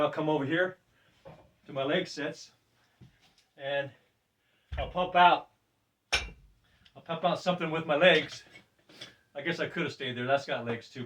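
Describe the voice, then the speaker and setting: A somewhat high-pitched man in his sixties chats loosely as he works through a gym routine, breathing deeply between his words. He is picked up from across the room by a distant camera, with a faint hum of noise behind him. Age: 60s. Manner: chatty and loose, with repeated "right?" checks and soft laughs. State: breathing deeply during the workout. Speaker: fitness vlogger. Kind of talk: casual demonstration while exercising. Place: gym room among exercise machines.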